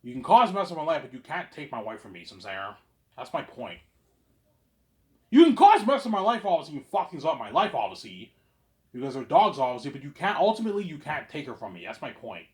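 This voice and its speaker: Boastful rambling man with a lively swinging voice. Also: medium pitch, quick pace. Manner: rambling and repetitive, tags lines with "obviously"; boastful, swinging between loud claims and mumbled asides. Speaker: vlogger. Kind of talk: rambling monologue to camera.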